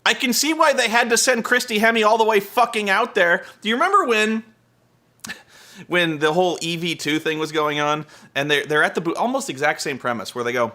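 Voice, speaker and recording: A man's voice: sits high, expressive, normal speed, sharp tone. A man giving a profane, exasperated comedic rant while recapping a wrestling show, mimicking wrestlers.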